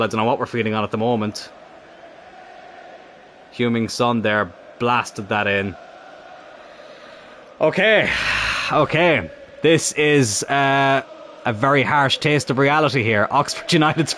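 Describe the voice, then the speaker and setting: A man's voice: mid-range voice, unhurried, pauses often, a bit bright, slight background noise. Swearing man commentating his game. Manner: frustrated, swearing, talks to the players on screen. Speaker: gaming YouTuber playing a football career mode. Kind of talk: live gameplay commentary.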